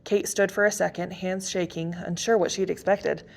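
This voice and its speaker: A woman reads a novel chapter aloud in steady storybook narration. Her voice sits low and carries a noticeable gravelly fry. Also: normal speed. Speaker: reader.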